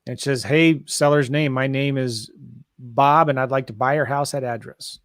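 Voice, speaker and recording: A man hosting a live online tutorial, talking excitedly and addressing viewers directly as guys. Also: medium pitch, normal speed, no room sound, studio quality. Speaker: show host. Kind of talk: enthusiastic live tutorial chat.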